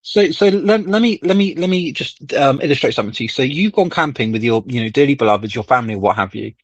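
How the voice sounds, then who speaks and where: A man's voice: mid-range voice, animated, quick pace, no room sound. A man co-hosting a casual livestream, teasing and emphatic, with frequent swearing. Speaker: livestream co-host. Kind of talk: casual chat. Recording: slightly dull dry sound.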